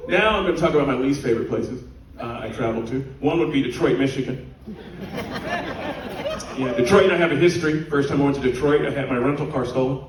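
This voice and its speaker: A man performing a stand-up comedy routine on stage, telling stories in an animated way. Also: mid-range voice, fast talker. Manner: animated storytelling with laughter. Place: cruise ship theater, live audience. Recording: echoey room from far off, audience noise.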